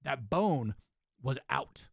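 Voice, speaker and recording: A man's voice: medium pitch, takes it slowly, creaky, no echo. A young man, a podcast host who wrestles, telling a story in casual chat with lots of "right?" and "dude.". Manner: animated storyteller, says "right?" and "dude" often.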